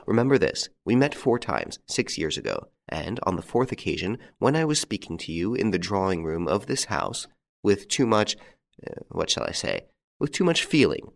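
A man playing a calm, masterful gentleman rescuer, courteous and commanding. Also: sits low, normal speed, vocal fry, heavily acted.

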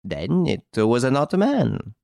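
A man reading an audiobook, voicing a calm, clever chevalier who explains a theft in a smiling, deliberate way. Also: mid-range voice, creaky, dry recording, clean studio sound, voice pushed up, full character voice.

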